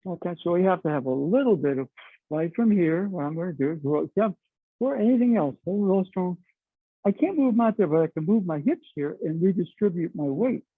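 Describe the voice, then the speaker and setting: Middle-aged male instructor, high gravelly voice, talky and explaining, dry tinny recording. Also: lively intonation, fairly quick, no echo. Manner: chatty, explains with frequent "you know" and "okay". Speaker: martial arts instructor. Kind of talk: teaching a class on the mat. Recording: dry, tinny phone-like sound.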